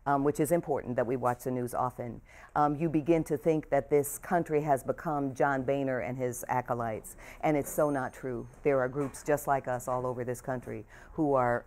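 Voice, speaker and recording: An older woman, an author addressing a bookstore audience and reading from her memoir, soft-spoken and emotional, her voice trailing off at the ends of phrases. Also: a bass voice. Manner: warm, emotional, speaks softly and trails off. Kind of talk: author talk and book reading. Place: bookstore event room.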